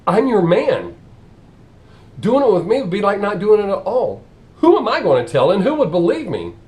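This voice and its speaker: A man's voice: sits high, sing-song, fairly quick, darkish tone, pitched above the performer's own voice. A man voicing an eager bus driver in a told joke, boastful and keen. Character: smitten male night bus driver, eager.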